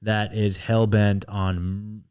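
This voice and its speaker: A man's voice: on the low side, level tone, extremely slow, darkish tone, clear, resonant tone. An American man hosting a commentary show, ranting bluntly with restless restarts and asides. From United States. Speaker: host.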